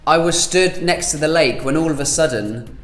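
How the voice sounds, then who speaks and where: A man with a British accent giving an online pronunciation lesson, repeating example phrases slowly for emphasis. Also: on the high side, roomy sound, loud music behind the voice. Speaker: language teacher.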